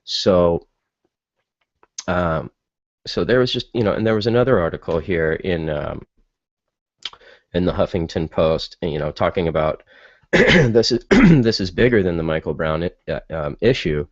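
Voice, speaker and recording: A man rants in a casual monologue, firing off incredulous rhetorical questions between loose fillers. His voice sits low. The recording is dry and a little dull. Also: measured pace, long pauses, no room sound. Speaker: podcast host. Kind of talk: opinion monologue.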